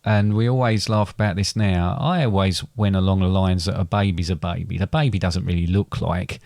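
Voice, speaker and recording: A man's voice: sits low, steady tone, a little fast, vocal fry, darkish tone, dry recording, clean studio sound. A middle-aged man, a father and podcast co-host, chatting casually and rambling with many restarts and fillers. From England. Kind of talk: casual chat.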